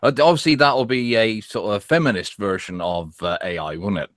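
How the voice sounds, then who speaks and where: Lowish man making wry asides. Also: moderate pace, fairly bright tone, no echo, clean studio sound. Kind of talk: casual chat.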